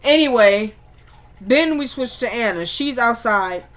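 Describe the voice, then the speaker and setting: A woman's voice: on the high side, expressive, a little slow. A woman casually recapping a TV drama episode, retelling scenes and acting out the characters' lines in a chatty way. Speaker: TV recap vlogger.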